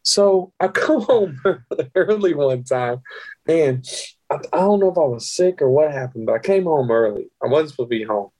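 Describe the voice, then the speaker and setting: A man guest on a casual podcast tells a wild story with plenty of swearing and laughter. His voice is husky and pitched a little high. He swings his pitch widely as he acts out each scene. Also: normal speed. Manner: animated, profane, laughing as he tells stories.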